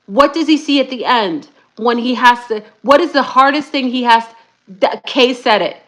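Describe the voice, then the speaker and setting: A middle-aged woman talks casually to her online audience in a fairly high voice. She is chatty and animated and keeps calling her viewers y'all. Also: normal speed. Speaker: YouTube spiritual talk host. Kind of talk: casual livestream talk to viewers.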